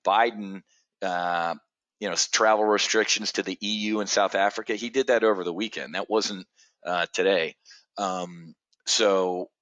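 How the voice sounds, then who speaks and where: A man's voice: low voice, fairly even intonation, normal speed, fairly bright tone, no echo, lo-fi sound. A man hosting an options trading show, giving opinionated market commentary in a blunt, rambling way with many fillers.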